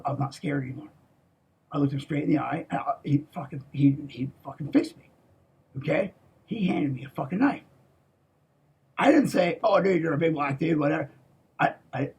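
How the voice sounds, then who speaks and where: A man in a rambling, profane monologue, swinging between loud outbursts and low mutters and tagging lines with "okay?". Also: creaky, husky. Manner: profane, repeats "okay?", restarts a lot.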